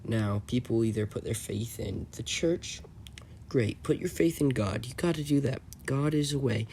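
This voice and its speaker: A man's voice: medium pitch, moderate pace, darkish tone, a little hiss or hum. A man talking over screenshots in a rambling, mocking, self-assured commentary voice-over. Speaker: channel host.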